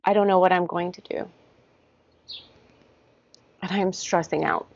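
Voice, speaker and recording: A woman guiding an EFT tapping session, repeating short first-person statements about stress in a steady rhythm. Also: lowish voice, a little slow, vocal fry, no room sound. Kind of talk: guided tapping, spoken affirmations. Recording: dull lo-fi sound, dry.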